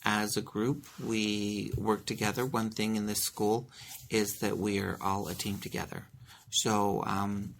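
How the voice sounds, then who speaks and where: A man who is an elementary school principal, answering interview questions earnestly, with many pauses and restarts as he explains his school. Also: on the low side, little pitch movement, gravelly, a little hiss or hum.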